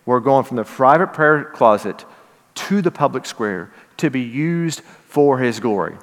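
A man's voice: medium pitch, lively intonation, a little slow, in a large hall. A middle-aged man with a Western Kentucky accent, preaching a sermon in an earnest, conversational way that rises to emphatic peaks. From Southern Illinois. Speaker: pastor.

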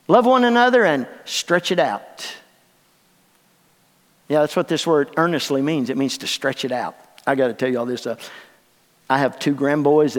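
An older man preaching a sermon in a church, swinging from hushed lines to shouts. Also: on the high side. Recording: long reverb of a large hall.

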